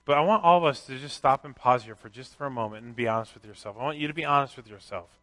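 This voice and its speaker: A middle-aged pastor giving a candid, conversational sermon with self-deprecating asides. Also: male voice, mid-range voice, very fast, fairly bright tone.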